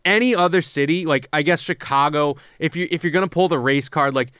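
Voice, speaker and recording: A man's voice: fairly high pitch, a bit bright, clean tone, no room sound, studio quality. A young man co-hosting a casual sports podcast, talking loosely and swearing often. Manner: loose and profane, quick asides. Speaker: podcast co-host. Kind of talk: casual hockey chat.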